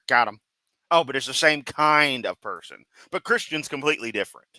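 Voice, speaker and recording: A man's voice: medium pitch, animated, a little fast, bright, forceful tone, dry recording, rough recording. A man giving sarcastic, profane reaction commentary as a streamer, mocking what he hears. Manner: sarcastic, mocking, swears constantly.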